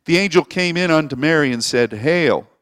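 A man's voice: on the high side, quick pace, fairly bright tone, smooth, no echo, studio quality, in a large hall. A man preaching a sermon as pastor, rambling and anecdotal, often restarting his phrases. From Springfield, Missouri.

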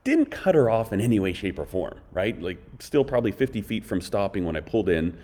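A man's voice: fairly low pitch, sing-song, a little fast, darkish tone. A man telling blunt, rambling stories in a casual chat, full of harsh opinions. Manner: rambling, blunt, opinionated, fond of mocking impressions.

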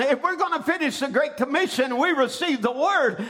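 High-voiced man preaching a shouting sermon. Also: animated, moderate pace, hardly any pauses. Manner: rising into shouted emphasis, calling for amens.

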